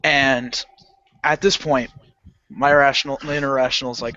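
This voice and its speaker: A man's voice: medium pitch, normal speed, long pauses. A man telling a story on a casual podcast, laughing, swearing and acting out the people in it. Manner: animated, swearing, laughing often, acting out voices. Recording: lo-fi dull podcast audio.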